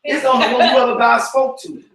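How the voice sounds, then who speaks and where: Man with a real high voice preaching at a bible study, keeps bursting into shouts, far off in a big echoey room. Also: a little fast, vocal fry, crowd noise. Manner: animated, preachy, breaks into shouts. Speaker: cell group teacher. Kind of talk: informal Bible study teaching. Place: church room.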